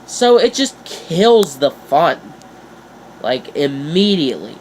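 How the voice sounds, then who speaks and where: A teenage boy vlogging in a casual, chatty way, playful and animated, jumping up in pitch for emphasis. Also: slow, a little hiss or hum. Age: teens. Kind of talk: casual chat to camera.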